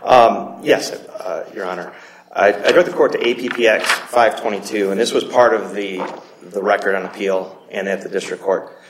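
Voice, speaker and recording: A man arguing as an attorney in a court, measured and halting, often repeating words as he makes his case. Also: on the low side, background noise. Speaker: appellate attorney. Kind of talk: courtroom oral argument. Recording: roomy courtroom echo.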